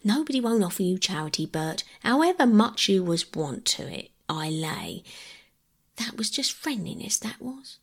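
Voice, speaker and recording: A woman's voice: medium pitch, very animated, slightly rough. A woman voicing a tart, scolding wife. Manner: scolding, brisk.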